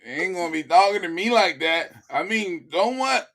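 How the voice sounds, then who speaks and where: Animated laughing man recapping TV. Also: high-pitched, moderate pace. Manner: animated, laughing, acts out characters' lines. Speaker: podcast co-host. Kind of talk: casual chat recapping TV episodes.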